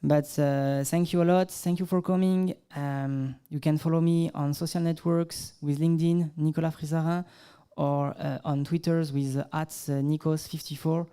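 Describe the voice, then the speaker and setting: A man's voice: a little high, little pitch movement, normal speed, few pauses, mellow, smooth. A man from France with a French accent, giving a conference tech talk and demo, hesitant and apologetic with many fillers. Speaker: conference speaker. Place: conference hall stage.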